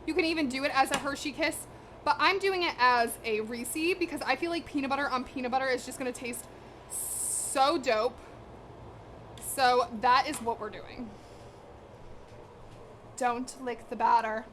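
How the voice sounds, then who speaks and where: Streaming from her home kitchen, a young cooking streamer talks casually to her chat at a moderate pace, pausing often. Her high voice is fairly bright, with a little hiss or hum behind it, and she sounds slangy, direct and slightly out of breath.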